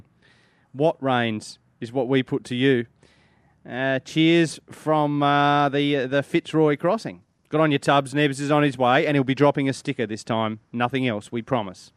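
A man's voice: mid-range voice, measured pace, clear, resonant tone, no room sound, clean studio sound. A man with an Australian accent hosting a casual fishing podcast, jokey and laughing as he reads listener mail. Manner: jokey, laughing, relaxed banter. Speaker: podcast host.

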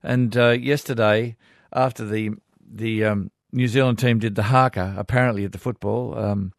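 An Australian man hosting a casual radio show, chatting relaxed and reading listener letters. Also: fairly low pitch, normal speed, gravelly, no echo, studio quality. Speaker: radio host. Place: radio studio.

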